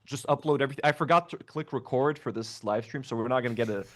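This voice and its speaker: Brief: easygoing male co-host, mid-pitch, casual live-stream banter, home mic on a call. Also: fast. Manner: laid-back, laughs often, thanks donors one by one. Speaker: podcast co-host reading donations.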